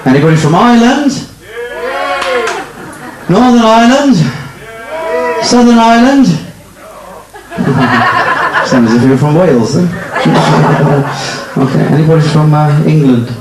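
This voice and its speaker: On a nightclub stage before an audience, a stage hypnotist teases his volunteers and the crowd with cheeky banter. His voice sits on the high side and is expressive, delivered slowly with frequent pauses. The echoey club is full of loud music and crowd noise.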